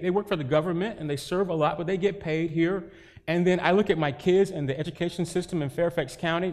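A man's voice: fairly high pitch, darkish tone, long reverb tail. A man from North Carolina, a pastor preaching a sermon in church, mixing scripture with folksy stories and rising emphasis.

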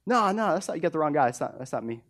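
A man voicing a frightened disciple who flatly denies knowing his teacher, in nearly his own voice. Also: mid-range voice, normal speed, pitched above the performer's own voice, close to an everyday voice. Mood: flustered. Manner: flustered denials, then forceful.

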